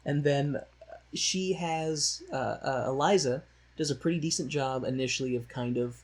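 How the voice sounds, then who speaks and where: A man's voice: mid-range voice, moderate pace, husky. A man co-hosting a podcast, recapping a musical in a loose, rambling, joking way with many fillers. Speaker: podcast co-host. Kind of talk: casual chat recapping a musical.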